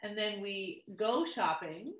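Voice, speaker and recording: A woman's voice: medium pitch, animated, slow pace. A middle-aged woman leading a coaching webinar in a chatty, upbeat way, full of fillers and little acted-out quotes. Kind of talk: casual teaching talk.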